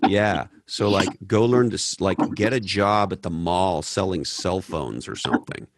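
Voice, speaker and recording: A man's voice: low voice, normal speed, dry recording, clean studio sound. A man from Canada hosting a podcast Q&A, blunt and profane, telling stories in a casual way. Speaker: podcast host. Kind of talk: casual Q&A talk.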